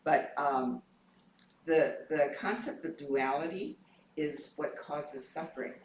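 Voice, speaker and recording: Hoarse man, slow halting reflection, distant in a reverberant temple hall. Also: a little high, slight background noise. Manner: halting, many pauses and fillers. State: hoarse, clearing his throat. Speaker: temple board member sharing a reflection. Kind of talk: informal dharma reflection. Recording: echoey hall, mic far off.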